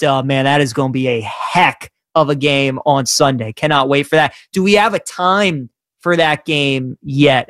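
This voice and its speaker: A man co-hosting a live sports talk show, making animated predictions in a chatty way. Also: a little high, dry recording, clean studio sound. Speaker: sports betting show co-host.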